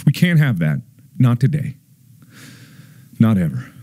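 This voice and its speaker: A man in his twenties making a mock-dramatic plea to his viewers, over-the-top solemn, swinging between hushed lines and near-shouts. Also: lowish voice, big pitch swings, a little slow, slightly rough. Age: 20s. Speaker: YouTuber.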